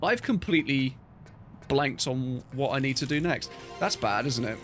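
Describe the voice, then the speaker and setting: A man's voice: mid-range voice, lively intonation, normal speed, a bit bright, soft background music. Jokey man chatting over a game stream. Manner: jokey, laughs often, puts on silly accents. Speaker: livestream game player. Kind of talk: casual gaming chat.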